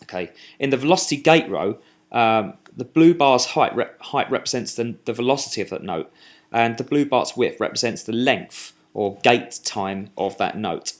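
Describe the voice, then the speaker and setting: A man giving a screen-recorded music software tutorial, talking while he clicks, with fillers and restarts. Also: mid-range voice, expressive, normal speed.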